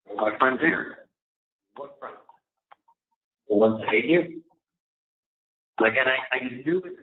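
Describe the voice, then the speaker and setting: A man on a recorded phone call, rambling through a long, aggrieved account of a dispute. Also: mid-range voice. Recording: tinny, echoey phone line with faint noise.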